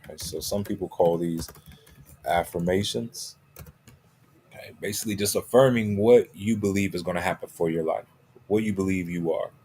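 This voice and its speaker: A man gives a motivational talk as a coach, emphatically stressing and repeating key phrases and checking in with "right?" and "okay?". His low, warm voice moves at a moderate pace, with slight background noise.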